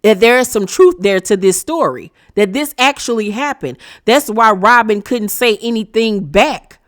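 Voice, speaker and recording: A woman hosting a casual reality TV recap, sassy and animated, talking straight to her viewers. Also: fairly high pitch, moderate pace.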